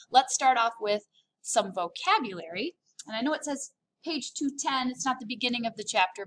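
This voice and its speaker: Woman, French teacher, upbeat and playful, fairly high voice, faint background noise. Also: a bit bright. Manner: upbeat, playful, exaggerated pronunciation. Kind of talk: recorded online lesson.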